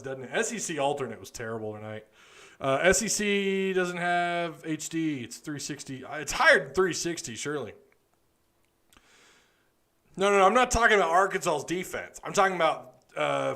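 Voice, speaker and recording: A man's voice: mid-range voice, fairly bright tone. A man hosting a casual live postgame talk, tired and rambling as he talks to viewers. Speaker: podcast host.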